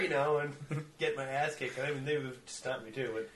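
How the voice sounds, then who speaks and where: A man co-hosting a podcast, telling a story in casual, profane chat and acting out the quotes in high voices. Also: animated, fairly quick, a crowd in the background.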